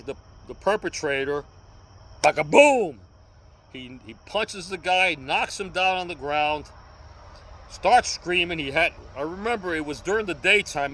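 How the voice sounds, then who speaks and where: A man's voice: a little high, expressive, a little slow, a bit bright, a little hiss or hum, poor audio. An older man, telling a story in casual street talk and punctuating it with sound effects. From New York. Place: outdoors on a city street.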